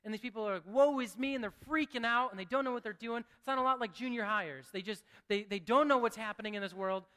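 A male preacher talking through a sermon in a chatty way, full of restarts and asides. He drops to a hush and then rises with excitement. His high, bright voice rings in a long hall reverb. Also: quick pace, clear, resonant tone.

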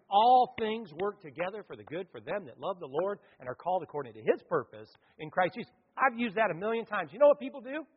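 A man preaching a sermon to a congregation, swinging between loud declarations and quiet asides. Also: high-pitched, slightly rough, big-room sound, dull audio. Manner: preaching with sudden loud swells and quiet drops. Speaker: pastor.

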